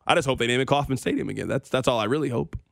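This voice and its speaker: A man's voice: mid-range voice, racing, gravelly, a bit bright, dry recording. A man hosting a sports radio show, ranting with opinions and dry sarcasm.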